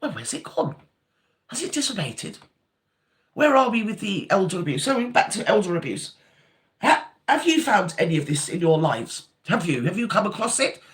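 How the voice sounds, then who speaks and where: Lively chatty older woman. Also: mid-range voice, normal speed. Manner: chatty, calls viewers darling and sweetheart. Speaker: livestream host reading viewer comments. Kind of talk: casual live chat.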